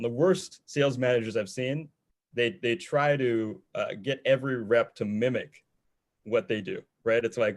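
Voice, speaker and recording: Brief: mid-pitched male sales panelist, blunt and conversational, video-call sound. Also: moderate pace. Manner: direct, conversational, repeats himself for emphasis.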